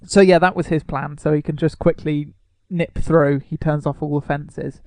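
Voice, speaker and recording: A man's voice: a little high, fairly even intonation, normal speed, a little mellow, no room sound. A man co-hosting a casual podcast, sarcastic and mock-indignant. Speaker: podcast co-host.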